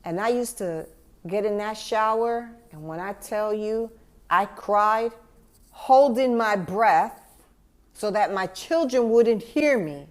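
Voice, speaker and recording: Slow, gentle woman sharing her grief. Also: medium pitch. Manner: gentle, heartfelt, speaks directly to the listener. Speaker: podcast host; grieving mother. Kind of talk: personal reflective monologue.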